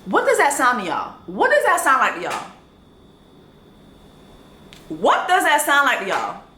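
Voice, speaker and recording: A woman's voice: sits high, wildly swooping pitch, measured pace, sharp tone, echoey room, slight background noise. A woman, telling a dating story in a vlog in a blunt, sassy way and reading texts aloud.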